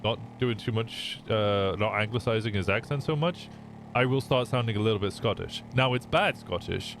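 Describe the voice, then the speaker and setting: A man's voice: on the low side, background noise. A young man from England with a Midlands accent, chatting casually and swearing with his stream viewers. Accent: Midlands English. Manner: chatty, swearing, stumbling over words.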